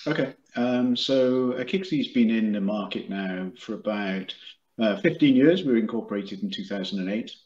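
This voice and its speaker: A man's voice: on the low side, moderate pace, darkish tone. A man, a company executive, explaining his business in an interview over a video call, with many fillers and restarts. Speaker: guest, product and marketing executive. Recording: echoey room, dull lo-fi sound.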